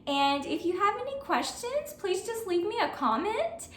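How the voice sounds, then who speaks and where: A woman, a homeschool mom, giving an earnest, encouraging curriculum review in a steady, friendly way. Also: very high voice, moderate pace, reverberant, recorded from a distance, slight background noise. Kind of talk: friendly review talk to camera.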